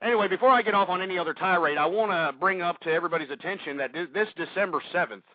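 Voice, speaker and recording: A man's voice: sits high, very fast, no room sound. A man hosting a call-in talk radio show, ranting abrasively and insulting his callers. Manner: abrasive, insulting, swearing rants. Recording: dull lo-fi internet radio.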